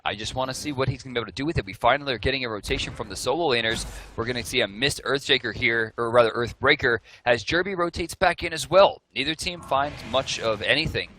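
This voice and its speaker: A man's voice: mid-range voice, fast talker, pushed and bright, slight background noise, poor audio. A man casting an esports match, giving play-by-play and analysis with joking banter. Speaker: esports caster. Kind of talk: play-by-play commentary.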